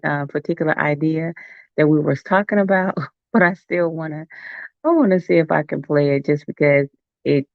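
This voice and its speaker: A man hosting a casual livestream chat, talking in an easygoing way with drawn-out phrases. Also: fairly high pitch, dry recording. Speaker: host. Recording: dry, dull-sounding stream audio.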